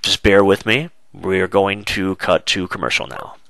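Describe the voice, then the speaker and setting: A congested man hosting a casual web radio talk show, chatty and loose, with many filler pauses. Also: sits low, fairly even intonation, gravelly, fairly bright tone, dry recording, low-quality recording.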